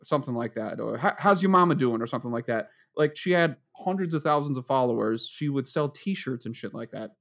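A man's voice: mid-range voice, a little fast, creaky, few pauses. A man chatting casually on a podcast, rambling and swearing, often laughing as he tells stories. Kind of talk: casual chat.

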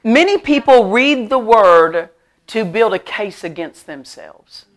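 Animated middle-aged woman pastor preaching. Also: fairly high pitch, slow pace. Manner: animated storytelling with frequent laughter; emphatic, repeats key phrases. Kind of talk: sermon. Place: church service.

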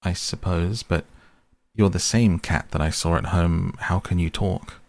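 A man voicing a curious, polite young girl in a storybook reading, pitching up a little from his deep voice. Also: steady tone, measured pace, creaky, no room sound. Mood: earnest. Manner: earnest, polite, questioning.

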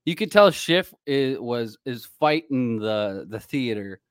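Halting man in casual talk, dry sound. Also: medium pitch, expressive, smooth, no echo. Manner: halting, restarts often, acts out quotes. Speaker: co-host. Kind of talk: casual political commentary.

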